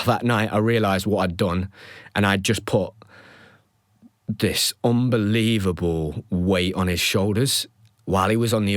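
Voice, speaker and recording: A man in his thirties telling a personal story as a podcast host, reflective and emotional, often pausing and restarting his sentences. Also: fairly low pitch, no echo, studio quality. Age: 30s.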